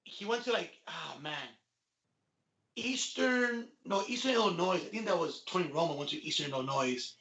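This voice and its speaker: A man's voice: high voice, moderate pace, gravelly, pushed and bright, reverberant, dull audio. A man co-hosting a casual sports podcast, unsure of his answers and second-guessing himself as he goes. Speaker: podcast co-host. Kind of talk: casual sports quiz chat.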